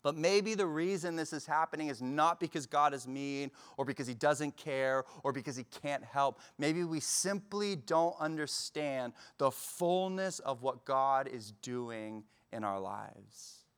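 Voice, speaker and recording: A man preaching a sermon in a relaxed, conversational way, acting out quotes with bursts of energy. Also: medium pitch, unhurried, few pauses, clean tone. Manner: conversational, animated retelling with acted-out quotes. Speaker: pastor.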